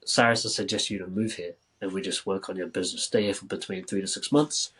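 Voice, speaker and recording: A man from New Zealand, a podcast guest telling a story casually, with many filler words and lively quoted dialogue. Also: low-pitched, fast, breathy edge, rough recording.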